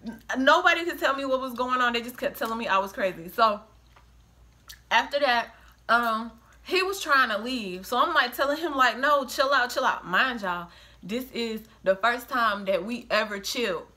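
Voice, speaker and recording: A middle-aged woman telling a story in a casual chat with her daughter, animated and acting out the quoted voices. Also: a little high, moderate pace. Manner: animated, acts out quoted voices, breaks into laughter. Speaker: storyteller, the host's mother.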